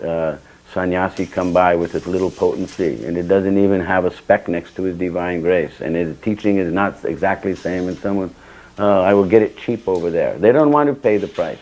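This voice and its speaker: A man's voice: low voice, darkish tone, rough recording. An older man giving a temple scripture class, telling personal stories and acting out the dialogue with sudden bursts of emphasis. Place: temple hall.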